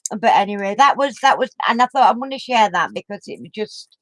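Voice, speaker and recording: A woman's voice: mid-range voice, expressive, a little fast, fairly bright tone. An older woman telling a funny story as a craft vlogger, laughing through her words and tossing in homely exclamations. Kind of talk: rambling anecdote to camera.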